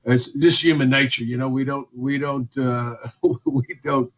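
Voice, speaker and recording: A man's voice: medium pitch, fairly even intonation, unhurried, low-quality recording. A man, speaking as a physician guest in a radio interview, emphatic and repetitive, listing points one by one. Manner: emphatic, repetitive, list-making.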